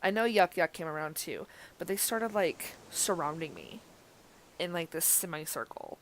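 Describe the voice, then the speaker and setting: Young woman rambling thru a story on her vlog, lots of likes and ums, kinda low voice. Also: lively intonation, moderate pace, slight background noise. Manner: chatty, many fillers and laughs. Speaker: vlogger.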